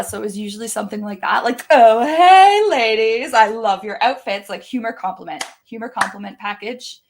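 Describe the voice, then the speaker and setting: A woman in her thirties, a guest telling stories in a chatty, animated way, full of "like" fillers. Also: medium pitch, gravelly. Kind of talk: casual storytelling.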